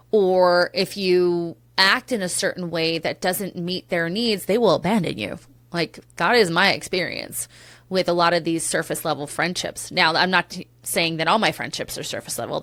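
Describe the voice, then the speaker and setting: A woman's voice: on the low side, creaky, a bit bright, no room sound. A woman in her thirties hosting a solo podcast, talking candidly and emotionally, swearing casually and drifting into tangents. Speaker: podcast host.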